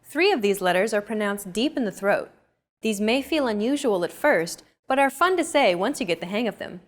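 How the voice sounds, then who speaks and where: Lesson host, woman, clear measured scripted narration, medium pitch. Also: animated.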